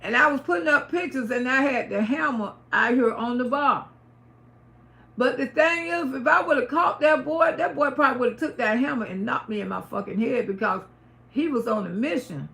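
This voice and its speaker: A woman's voice: high voice, normal speed, gravelly, fairly bright tone. A middle-aged woman on a livestream from her home, telling a personal story in an emphatic, repetitive and profane way. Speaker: livestream host. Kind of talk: casual storytelling to a live audience.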